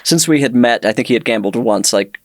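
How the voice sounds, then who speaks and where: A man's voice: medium pitch, lively intonation, a little fast, dry recording. A man hosting a podcast, chatting casually with dry, wry humor. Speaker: podcast host. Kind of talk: casual chat.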